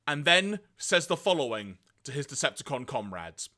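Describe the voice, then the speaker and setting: A man co-hosting a podcast, retelling episodes in a lively way and acting out quoted lines. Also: moderate pace. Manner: lively storytelling, acts out quoted lines in high voices. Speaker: podcast co-host. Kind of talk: casual podcast recap.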